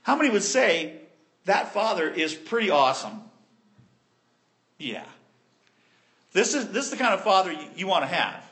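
Animated high-voiced male preacher. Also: moderate pace, pauses often. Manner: animated storytelling, addresses the congregation. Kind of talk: sermon.

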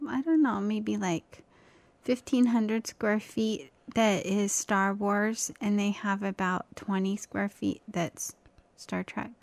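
Dry-humored woman with a gravelly edge. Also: medium pitch, fairly even intonation, takes it slowly, a little mellow, no echo. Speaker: podcast co-host. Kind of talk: casual chat.

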